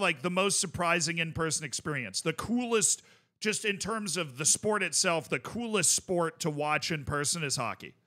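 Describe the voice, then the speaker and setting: Bright, excitable male streamer. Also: a little high. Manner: enthusiastic and rambling, filler-heavy. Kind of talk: casual chat reacting to video clips.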